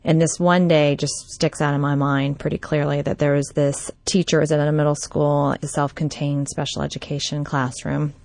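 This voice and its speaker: A woman's voice: sits low, little pitch movement, normal speed, hardly any pauses, darkish tone, no room sound. A woman, a former behavior specialist, telling a personal story from her work and quoting the people in it. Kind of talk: personal anecdote talk.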